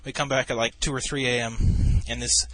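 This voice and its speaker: Man in his twenties, casual storytelling, deadpan, profane, bright voice. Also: mid-range voice, moderate pace, dry recording. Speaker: gamer narrating over a replay.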